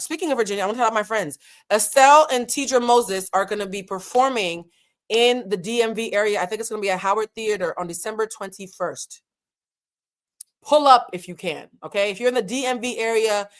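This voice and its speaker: Woman host for a chatty reality TV recap, frank and slangy, talks straight to the viewers. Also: mid-range voice. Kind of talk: casual commentary.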